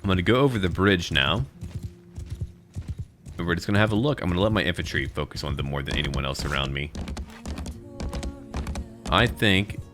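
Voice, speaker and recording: A man's voice: deep voice, normal speed, long pauses, over music. A man giving casual let's-play commentary, chatty and playful, thinking aloud as he plays. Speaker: gameplay commentator.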